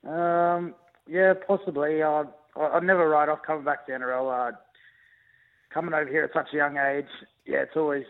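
A young Australian rugby league player, a guest on a radio show, talking over the phone in a relaxed, hesitant way with many fillers. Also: male voice, fairly high pitch, fairly quick. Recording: tinny phone line.

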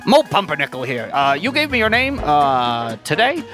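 A man's voice: on the high side, huge pitch swings, normal speed, pushed and bright, faint music behind, heavily acted. A man voicing a tall, scraggly, flustered male elf who stammers and apologizes.

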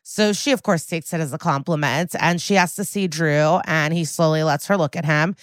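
A woman with a low voice recaps a TV episode on her podcast, wry and snarky, swearing casually as she goes. Her voice is recorded close and dry, with no room sound around it. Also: normal speed, no echo. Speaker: podcast co-host.

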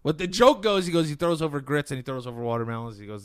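A man's voice: on the high side, very animated, fast, smooth, dry recording, studio quality. A man co-hosting a podcast, telling jokes in a rambling way and laughing at them. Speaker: podcast co-host. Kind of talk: casual chat, telling jokes.

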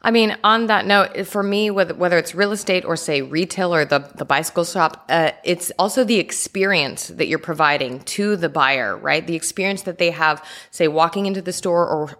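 A woman with a notably low voice talks casually and thoughtfully about her business. She often stops and restarts her phrases as she speaks. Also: normal speed, few pauses, a bit bright. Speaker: real estate agent guest.

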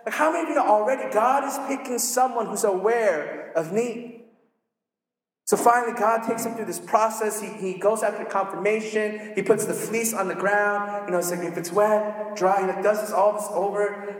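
High-voiced man preaching in echoey hall. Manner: animated, acts out characters with quick voices. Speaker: pastor. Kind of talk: casual sermon storytelling. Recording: echoey hall with long reverb.

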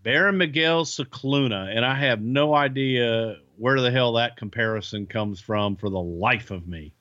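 A man who is a guest on a podcast, talking bluntly in a gruff, casual way and swearing freely. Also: medium pitch, measured pace, pushed and bright, dry recording, lo-fi sound.

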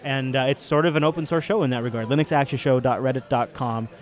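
A man's voice: medium pitch, fairly even intonation, fast. A man hosting a podcast live from a tech convention, chatting loosely and joking around. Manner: joking, loose, laughs often. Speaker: podcast host. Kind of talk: casual live show banter.

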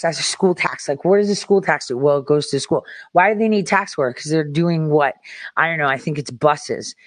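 A woman's voice: mid-range voice, no echo. A woman talking straight to her viewers in a blunt, profane rant, full of restarts and repeated words. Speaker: parent speaking to viewers. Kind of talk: casual monologue to viewers.

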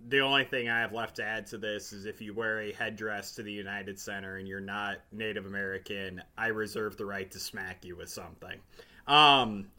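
A man co-hosts a casual sports podcast in a blunt, sardonic way and gets irritated easily. His voice is fairly low but bright and forceful. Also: fairly even intonation, moderate pace.

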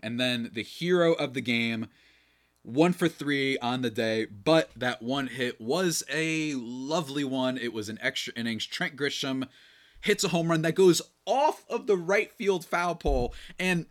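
A young man hosting a casual baseball podcast, talking in a rambling, animated way and often interrupting himself. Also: mid-range voice, measured pace. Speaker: podcast host. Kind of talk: casual sports commentary.

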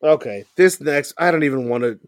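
A man co-hosting a casual wrestling chat, animated and laughing often, breaking into mock voices. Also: on the high side, a little fast, dry recording, studio quality. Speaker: podcast co-host.

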